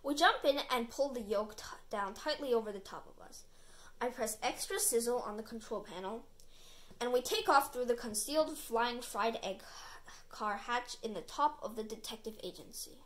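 A woman reading a children's chapter book aloud as the storyteller, with expressive narration. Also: on the high side, moderate pace.

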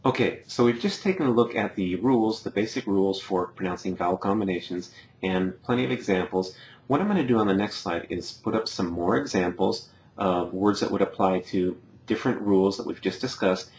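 A man teaching a slide-based video lesson, patiently explaining and repeating each example word slowly. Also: deep voice, darkish tone, slight background noise. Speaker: Spanish teacher.

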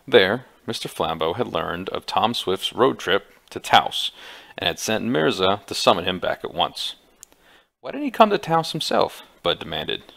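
Deep gravelly man reading a book aloud. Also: bright, forceful tone. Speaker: audiobook reader. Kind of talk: amateur audiobook reading.

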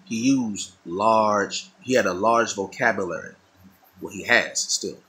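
A man's voice: fairly low pitch, measured pace, pushed and bright, rough recording. A middle-aged man talking casually and thoughtfully, often repeating and restarting his phrases. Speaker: artist talking while drawing. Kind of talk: casual monologue.

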